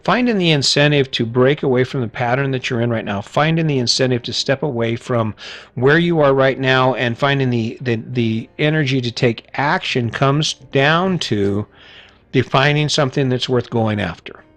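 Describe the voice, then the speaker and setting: A man's voice: mid-range voice, moderate pace, a bit bright. A middle-aged man hosting a podcast, delivering a blunt motivational monologue full of rhetorical questions and casual swearing. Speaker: podcast host.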